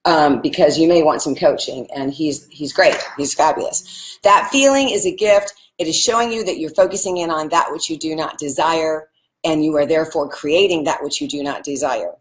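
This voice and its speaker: A woman's voice: low-pitched, moderate pace. A woman giving a live spiritual talk, speaking earnestly and straight to her viewers and repeating phrases like mantras. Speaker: spiritual teacher. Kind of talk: live-streamed motivational teaching.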